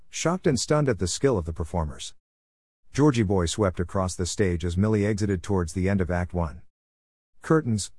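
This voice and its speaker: A man narrating a story in a steady, plain reading manner. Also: low voice, dry recording, clean studio sound.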